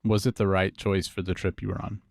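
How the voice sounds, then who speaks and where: A man's voice: low-pitched, little pitch movement, fairly quick, vocal fry, a little mellow, dry recording. A man co-hosting a podcast, teasing his partner and asking questions in casual chat. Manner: teasing, dry, asks questions. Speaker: podcast co-host.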